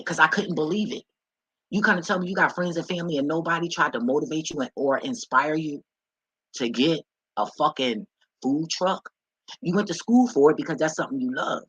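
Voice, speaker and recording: Young woman, AAVE speech, profane candid vlog rant, husky tone, dry close sound. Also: low voice, no room sound, poor audio. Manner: profane, blunt, animated storytelling. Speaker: vlogger.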